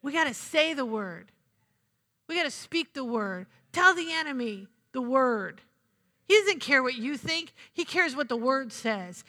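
Bright, high-pitched woman preaching in a hall. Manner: emphatic, repeats phrases, asks the congregation "Amen?". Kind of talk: sermon. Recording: long hall reverb.

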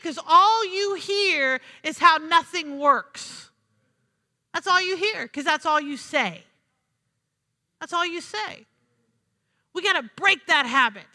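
A woman's voice: very high voice, expressive, takes it slowly, long pauses, bright, forceful tone. A woman preaching a sermon in a church, emphatic, repeating her phrases and asking the congregation "Amen?". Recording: long hall reverb.

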